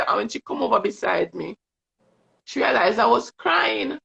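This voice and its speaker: A woman's voice: fairly high pitch, expressive, normal speed, gravelly, fairly bright tone. A woman with a Jamaican accent, a guest telling earnest, emotional stories in casual chat. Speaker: guest, vision board coach. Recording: dull lo-fi stream audio.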